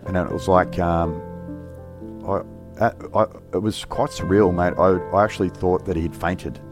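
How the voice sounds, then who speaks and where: A middle-aged man, a police officer, recounting a personal story in an interview in a halting, reflective, plain-spoken way. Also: low voice, fairly even intonation, over music.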